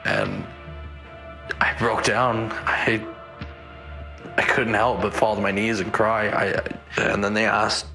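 A man's voice: lowish voice, expressive, slow, creaky, long pauses, sharp tone, soft background music. A young man, son of the victims, giving an emotional first-person account and acting out what each person said. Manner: retells events by acting out quoted dialogue.

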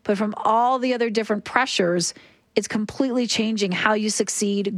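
A woman's voice: medium pitch, normal speed, dry recording. A woman hosting a talk show, recounting an interview in an earnest, explanatory way. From Canada. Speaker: host. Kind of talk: conversational news talk.

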